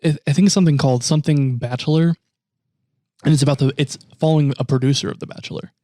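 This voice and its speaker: A man's voice: on the high side, fairly even intonation, fast, warm tone, dry recording, clean studio sound. Profane young man in loose banter. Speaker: podcast co-host. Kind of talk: casual chat.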